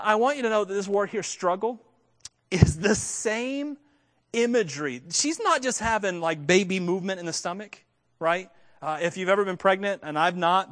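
A male pastor delivering a Sunday sermon in a church. His voice sits high for a man. He talks with animated energy, slipping in joking asides and teasing his listeners.

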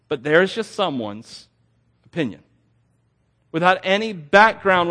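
A young man preaching a sermon, telling stories in an animated, self-deprecating way with frequent laughs. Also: a little high. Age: young adult. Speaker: pastor.

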